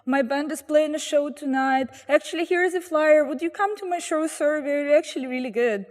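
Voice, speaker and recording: A woman's voice: sits high, fairly quick, long reverb tail, natural voice. A woman doing an eager, gushing drummer guy. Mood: gushing apologetic. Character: overeager apologetic male air drummer.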